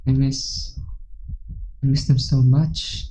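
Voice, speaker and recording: A man voicing a despairing young woman in a game, speaking slowly in a tearful, faltering hush on a dull lo-fi recording. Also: mid-range voice, little pitch movement, slight background noise, lightly acted. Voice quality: tearful, faltering, broken-off words. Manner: slow, hushed, trailing sentences.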